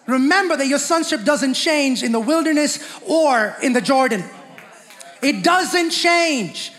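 A man's voice: extremely high pitch, normal speed, fairly bright tone. A man preaching a sermon with fervent repetition, often asking the congregation questions. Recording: long hall reverb.

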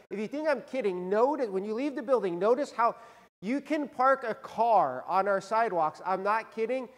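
A man with a notably high voice delivers a sermon from the front of a church, his words ringing in a long hall reverb. He talks in a folksy storytelling way, tossing "right?" to the congregation. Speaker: pastor. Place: church sanctuary.

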